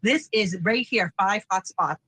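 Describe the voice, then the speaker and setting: Brief: energetic woman analyst, punchy teaching delivery, dry close sound. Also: mid-range voice, measured pace, slightly rough, no echo, rough recording. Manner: animated, emphatic, teacherly. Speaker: deception analyst. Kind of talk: expert commentary on a panel.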